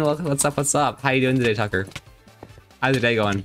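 A man's voice: medium pitch, fairly quick, soft background music. A young man live-streaming a game, chatting casually and joking as he reads and answers his viewers' chat.

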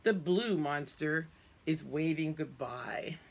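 A middle-aged woman, a preschool teacher at home, reading a picture book aloud to small children in a gentle, singsong way. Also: low voice, takes it slowly. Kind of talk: children's storybook read-aloud.

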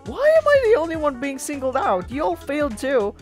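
A gamer reading game dialogue aloud, voicing an angry schoolgirl who is afraid of expulsion, with a shrill, indignant voice. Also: very animated, measured pace, a bit bright, faint music behind, exaggerated voice.

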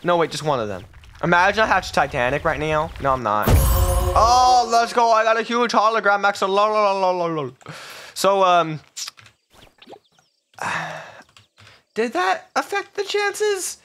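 Excitable, high-pitched young man gaming. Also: unhurried, long pauses, music in the background. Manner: excitable, melodramatic, jumps to squeaky yelps. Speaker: gaming YouTuber. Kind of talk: gameplay commentary.

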